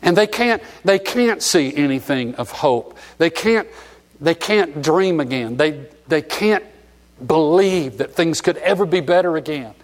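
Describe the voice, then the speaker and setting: A man's voice: fairly high pitch, expressive, measured pace. A middle-aged man from Alabama preaching a sermon, sentimental and emotional as he tells stories. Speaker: pastor.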